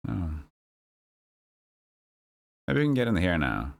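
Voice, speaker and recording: A man streaming a video game, muttering his thoughts aloud in a relaxed way. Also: low voice, takes it slowly, vocal fry.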